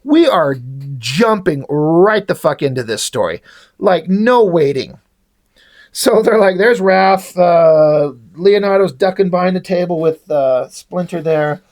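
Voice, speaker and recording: A man's voice: high voice, animated, takes it slowly, darkish tone. A man casually reviewing a comic book, rambling and swearing freely, often restarting his sentences.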